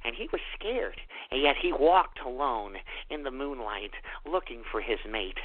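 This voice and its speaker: A man's voice: medium pitch, big pitch swings, moderate pace, no echo, voice pushed down. A man putting on a mock-dramatic storybook narrator voice with exaggerated solemn storytelling. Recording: tinny phone-like radio audio.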